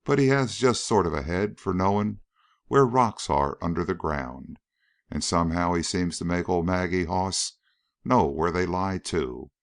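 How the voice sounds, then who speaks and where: A man's voice: low voice, a little slow, vocal fry, no echo, studio quality. A man doing a big, scornful backwoods farmhand. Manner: folksy backwoods drawl.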